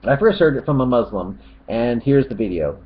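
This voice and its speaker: A sarcastic man rambles through online comments in casual commentary and mocks them as he goes. His pitch swings widely. The recording is a little dull and lo-fi. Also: expressive, normal speed.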